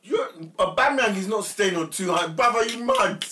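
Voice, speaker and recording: A man's voice: high-pitched, animated, moderate pace, background noise. A young man, insistent and exasperated in casual football banter.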